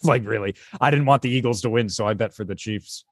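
A man's voice: lowish voice, fast, dry recording, studio quality. A man hosting a podcast, chatting in a rambling, swearing way with frequent laughs. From lives in New Jersey. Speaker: podcast host. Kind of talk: casual chat.

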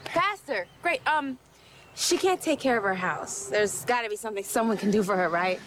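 A woman's voice: medium pitch, animated, moderate pace, natural voice. An actress playing a chirpy woman in a comedy skit who hands her problems to the pastor. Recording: skit video with background noise.

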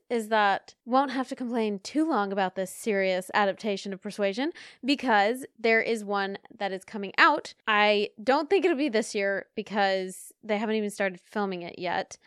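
A woman's voice: medium pitch, a bit bright, clean tone, dry recording, studio quality. A woman co-hosting a podcast, talking enthusiastically in casual chat. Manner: enthusiastic, talkative. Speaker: podcast co-host.

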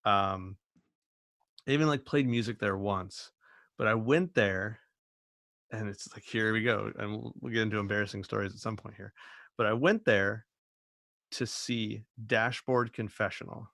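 Low, gravelly man recalling things casually. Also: steady tone, moderate pace, long pauses, fairly bright tone, no echo, studio quality. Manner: rambling, reflective, hedging. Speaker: podcast co-host. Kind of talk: casual chat.

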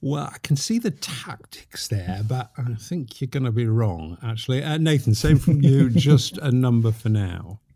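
A man's voice: mid-range voice, animated, normal speed, hardly any pauses, mellow, no echo, studio quality. A man hosting a podcast from home in a jovial, wry casual chat. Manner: jovial, wry, apologetic asides. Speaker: podcast host. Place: home, in lockdown.

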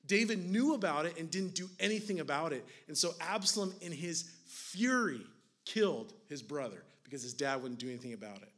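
A man preaching a sermon in a casual, conversational way, swinging from hushed, near-whispered lines to intense, raised passages. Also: on the high side, lively intonation, brisk. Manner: conversational, fillers of "like", rising to intense then hushed. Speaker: pastor.

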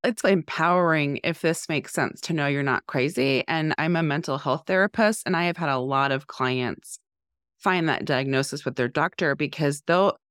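In a clean-sounding studio recording with no room sound, a low-pitched woman talks at a normal pace. A podcast co-host who works as a mental health therapist, she's candid and lively, using "like" constantly.

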